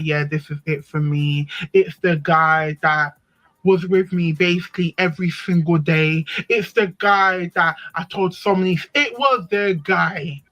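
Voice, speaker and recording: A woman's voice: deep voice, a bit bright, lo-fi sound. A woman telling a personal story in casual chat, animatedly acting out what other people said. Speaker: live stream panelist.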